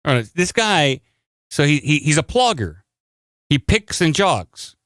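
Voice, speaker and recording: A man's voice: fairly high pitch, sing-song, a little slow, fairly bright tone, no room sound, clean studio sound. A man co-hosting a podcast, casually chatting and joking while reacting to a news clip. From lived in Arizona. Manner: joking, incredulous. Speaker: podcast co-host.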